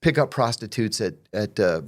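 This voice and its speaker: A man's voice: lowish voice, lively intonation, moderate pace. A middle-aged man telling prison stories in casual conversation, acting out the quoted exchanges with profanity.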